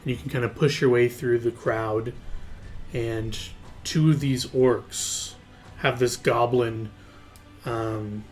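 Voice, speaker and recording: A man's voice: mid-range voice, fairly even intonation, slow, faint music behind. A man running a tabletop game as game master, narrating casually with lots of fillers. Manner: casual, loose, full of fillers and hedges.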